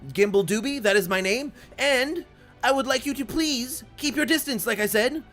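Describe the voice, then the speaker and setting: A man's voice: moderate pace, faint music behind. A man voicing a very old, nervous male gnome merchant who stammers and talks pompously. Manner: stammering, fussy, high-pitched and loud.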